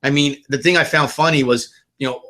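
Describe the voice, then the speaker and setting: A man's voice: medium pitch, fairly even intonation, a little fast, pushed and bright. Blunt, swearing male podcast host. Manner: blunt, profane, ranting. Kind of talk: casual political talk.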